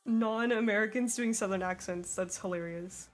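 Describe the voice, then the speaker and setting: A woman's voice: medium pitch, normal speed. A young woman streaming while she draws, chatting casually with viewers in a giggly, laughing way at a desk microphone. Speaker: streamer drawing and reading chat. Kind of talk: casual live-stream chat.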